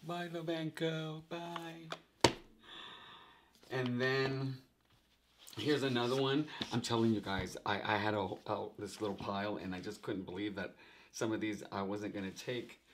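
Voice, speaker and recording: A man with a lowish voice and fairly even intonation hosts his own tarot vlog, chatting animatedly with viewers at a normal pace. He laughs often and keeps calling them "guys," with slight background noise in the recording.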